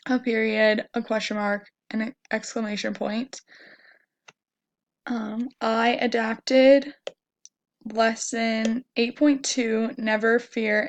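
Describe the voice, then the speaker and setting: A young woman with a slightly crackly voice, explaining a lesson plan in a hesitant way with many pauses and fillers. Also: fairly high pitch. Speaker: student teacher presenting a lesson plan.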